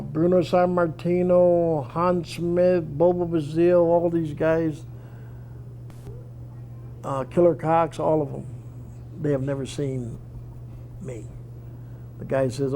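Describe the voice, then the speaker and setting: A man with a gravelly, dark voice, spinning folksy yarns from his life and playing every voice in the story himself. he talks in a relaxed way, with a faint hum behind him. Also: on the high side, slow, long pauses, low-quality recording. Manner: folksy, acts out quoted dialogue. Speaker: interviewed wrestler. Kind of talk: storytelling in an interview.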